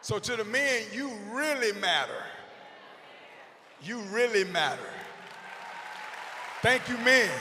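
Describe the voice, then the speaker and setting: A man in his forties giving an animated, comedic motivational speech to teachers, shouting punchlines and acting out characters. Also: extremely high pitch, noisy background. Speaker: motivational speaker. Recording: long echo of a big hall.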